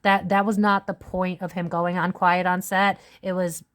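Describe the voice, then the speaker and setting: Lower-voiced woman giving a rambling tarot reading. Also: flat delivery, moderate pace, a bit bright, smooth. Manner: rambling, profane, full of "it's like" asides. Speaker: tarot reader. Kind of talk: casual psychic tarot reading monologue.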